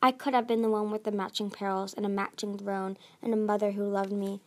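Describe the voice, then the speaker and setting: A woman's voice: mid-range voice, flat delivery, a little fast, lightly acted. A woman reading aloud, voicing a proud, anxious young female sea dragon who speaks emphatically. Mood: longing. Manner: emphatic, pleading.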